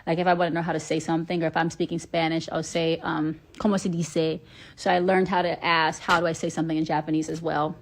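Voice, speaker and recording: A woman's voice: deep voice, flat delivery, fast talker. A woman from Atlanta, Georgia, chatting casually on a phone livestream and answering fans' questions with lots of ums. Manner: chatty, many ums, playful accent switching. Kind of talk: casual chat.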